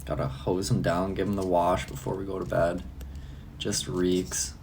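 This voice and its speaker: A man's voice: low-pitched, flat delivery, normal speed, gravelly. Man, young, casual, swears a lot, laughs often, faint background hiss. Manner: loose, profane, laughs often. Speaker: live streamer. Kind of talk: casual live-stream chat answering comments.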